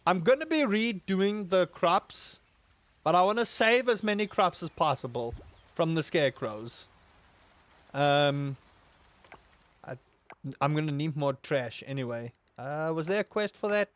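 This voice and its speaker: A man streaming a game, telling rambling, animated stories with sudden loud outbursts. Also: fairly high pitch, a little slow, pauses often. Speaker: gaming streamer. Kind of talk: casual stream chat while playing.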